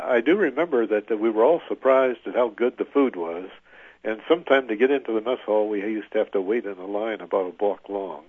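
An older man, a veteran, recalling his service in an oral history interview, halting with many filler pauses. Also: fairly low pitch, no echo. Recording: tinny phone-like line, dry.

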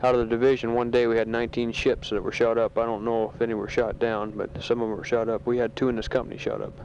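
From a sandbag bunker in a war zone, a soldier with a mid-range voice reads out news to his family as a casual taped letter home. His manner is flat, plain, and matter-of-fact, halting with many fillers. The recording is a dull, muffled lo-fi home tape with a little hiss or hum.

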